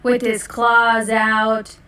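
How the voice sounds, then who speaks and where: A woman telling a story in a playful, unhurried manner. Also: fairly high pitch, completely flat delivery, pushed and bright. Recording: roomy, distant mic.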